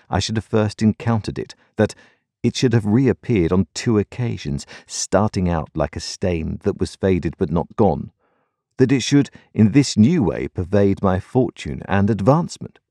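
Very low-voiced male narrator, expressive, measured, dry close recording. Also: dry recording. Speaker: audiobook narrator. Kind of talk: scripted narration.

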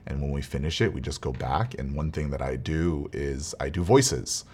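Man with a very low voice, earnest rambling vlog story, restarts and soft laughs. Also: moderate pace. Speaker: vlogger, father. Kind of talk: casual personal storytelling.

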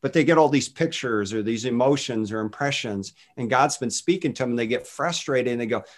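A man speaking as a guest minister in a casual faith conversation, telling stories in an animated way and voicing quotes. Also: mid-range voice, fairly quick. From United States. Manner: animated storytelling with voiced quotes.

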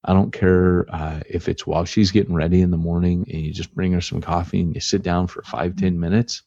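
Low husky guy rambling on a podcast, folksy, lots of ums, muffled lo-fi sound. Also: little pitch movement, fairly quick, warm tone, no echo. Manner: rambling, folksy, frequent filler words. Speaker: podcast co-host. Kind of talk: casual podcast chat. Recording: dull lo-fi podcast audio.

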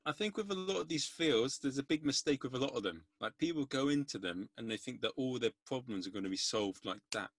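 A man hosts a podcast in a relaxed, wry manner, asking questions and offering dry observations. His voice sits mid-range. The recording is dry and close. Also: medium pitch, brisk, few pauses, dry recording. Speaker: podcast host. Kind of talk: casual podcast chat.

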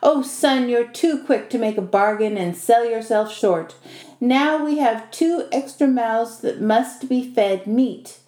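A woman's voice: fairly high pitch, takes it slowly, darkish tone, reverberant. A woman voicing a fretful old peasant mother. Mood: exasperated. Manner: pleading, lamenting.

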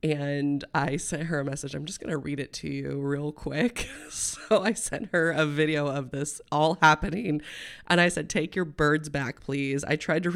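Chatty woman host, smooth voice. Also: deep voice. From Midwestern United States. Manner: chatty and rambling, full of "um" and "like", laughing mid-sentence; candid and heartfelt, turning emotional. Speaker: podcast host. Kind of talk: personal storytelling podcast.

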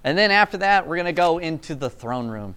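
A man with a slightly higher voice preaches a casual sermon. He rambles along energetically and chuckles at his own asides. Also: brisk, slight background noise. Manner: energetic, rambling, laughs at himself.

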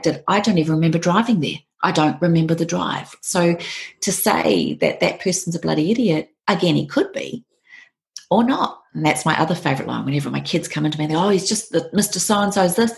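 Low gravelly middle-aged woman. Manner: earnest, reflective, repeats favourite sayings. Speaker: author and interview guest. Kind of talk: conversational interview storytelling.

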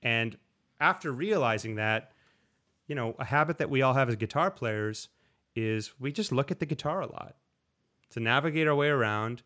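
A man's voice: medium pitch, moderate pace. A man, a slide guitarist, talking casually in an interview, rambling a little and often restarting his sentences. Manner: relaxed, rambling, with frequent restarts and acted-out quotes.

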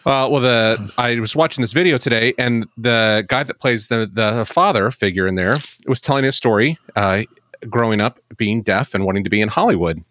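A man's voice: fairly low pitch, normal speed, a bit bright. A man co-hosting a faith podcast, retelling a story in a rambling, casual way with many fillers. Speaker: podcast co-host.

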